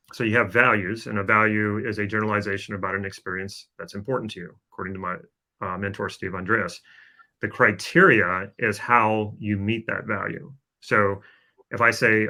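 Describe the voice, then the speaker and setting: A man on a podcast explains his method in a relaxed, coaching way. He hesitates often and restarts his sentences. His voice sits low but sounds bright and forward. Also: normal speed. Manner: explanatory, coaching tone with frequent fillers. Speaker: podcast co-host. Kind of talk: casual podcast chat.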